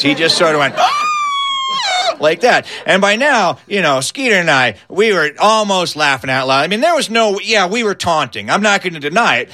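A man telling a comic story, animated and building to his punchlines. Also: high voice.

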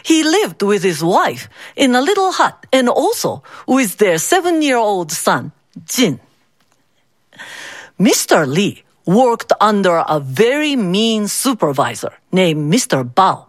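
Slow, expressive woman storyteller. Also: medium pitch, no echo, clean studio sound. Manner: expressive, unhurried. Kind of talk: folktale storytelling.

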